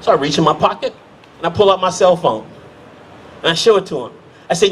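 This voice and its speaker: Brief: middle-aged American stand-up comic, high voice, faint hum of the room behind him. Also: male voice, expressive. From United States. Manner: storytelling, acts out characters in quick voices. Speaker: stand-up comedian. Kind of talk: stand-up comedy set. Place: comedy stage.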